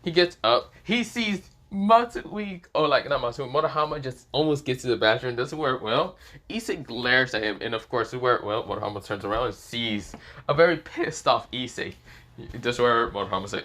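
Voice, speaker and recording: A man's voice: mid-range voice, expressive, moderate pace, bright, forceful tone. A man improvising a fan story aloud, rambling and hesitant, with many fillers.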